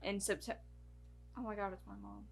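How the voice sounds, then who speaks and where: A woman's voice: mid-range voice, level tone, normal speed, creaky, faint music behind. A woman co-hosting a casual podcast, reading notes aloud and tripping over names and dates. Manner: stumbles and restarts while reading names and dates. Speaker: podcast co-host.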